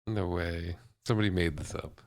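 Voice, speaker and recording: Podcast co-host, man, very low voice, dry close mic, brief deadpan replies. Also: moderate pace, dry recording. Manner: short dry reactions and questions. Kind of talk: casual chat.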